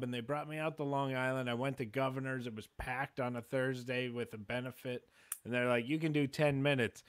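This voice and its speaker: A man hosting a comedy podcast, chatting casually and telling his own excitable stories with some swearing. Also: mid-range voice, brisk, clean tone. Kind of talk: casual chat.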